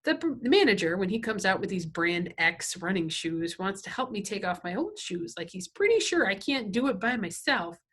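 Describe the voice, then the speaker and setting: A woman's voice: medium pitch, big pitch swings, normal speed, few pauses, a bit bright. A woman teacher at home reading a novel aloud, with casual asides that check in with her listeners.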